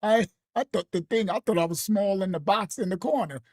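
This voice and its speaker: A woman giving a casual, animated teaching on a late-night live stream. She talks straight to her viewers, repeats herself and laughs often. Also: mid-range voice, a little fast, dry recording, clean studio sound. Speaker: ministry teacher.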